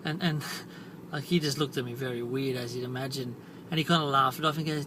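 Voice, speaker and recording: A man's voice: mid-range voice, fairly even intonation, a little fast, background noise. A middle-aged man, telling a self-deprecating story to camera in a casual vlog, full of fillers and "right?" tags. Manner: chatty, self-deprecating, many fillers and tag questions. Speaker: marketing and copywriting vlogger.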